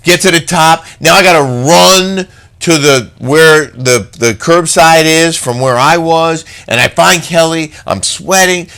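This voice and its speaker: A man's voice: on the high side, a little slow, bright, forceful tone. A middle-aged man co-hosting a talk show, telling a travel story in casual chat and acting out the voices and sound effects in it. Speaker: radio show co-host.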